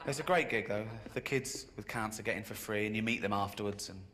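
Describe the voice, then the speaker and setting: A man performing a stand-up routine on a live stage. He tells stories deadpan and breaks into sudden high-pitched outbursts. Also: fast talker, hardly any pauses, a loud crowd. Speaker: stand-up comedian.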